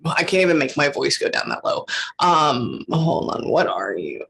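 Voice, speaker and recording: A woman's voice: deep voice, big pitch swings, moderate pace, creaky, fairly bright tone, a little hiss or hum. A woman working as a psychic medium in a casual reading, emotional and swearing freely, often stopping to say hold on. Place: lives in Texas.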